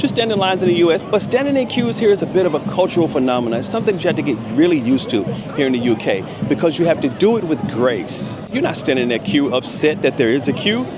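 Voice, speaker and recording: An American man giving earnest, emphatic advice in a vlog to camera, stretching out key words for emphasis. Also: fairly high pitch. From United States. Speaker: vlogger.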